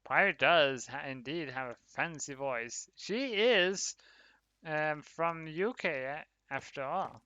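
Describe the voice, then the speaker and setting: Male streamer, slightly high voice, tense and bright tone, casual commentary to chat. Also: expressive, slow, dry recording, dull audio. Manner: chatty, talks to viewers, laughs often. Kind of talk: casual livestream commentary while gaming.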